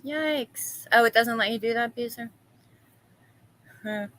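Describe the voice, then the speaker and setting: A woman's voice: a little high, flat delivery, moderate pace, bright, forceful tone, rough recording. A woman hosting a casual live-stream chat, gossiping, laughing often and reading viewers' comments aloud.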